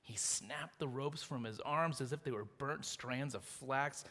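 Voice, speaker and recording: A man preaching a sermon as pastor, retelling a story in a lively, animated way with acted quotes. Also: medium pitch, unhurried. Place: church sanctuary. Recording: long reverb of a church hall.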